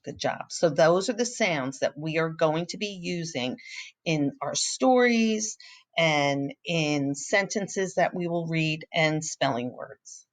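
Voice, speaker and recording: A woman with a low voice teaching a recorded phonics lesson. She speaks slowly and patiently, and she often pauses to encourage her pupils. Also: lively intonation.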